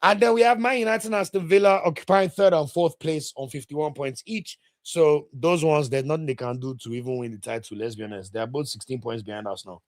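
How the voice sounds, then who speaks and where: A Nigerian man hosting a football podcast, talking casually, opinionated and ranting with sudden loud exclamations. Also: on the high side, fairly quick, few pauses, dry recording, clean studio sound. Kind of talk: casual solo football commentary.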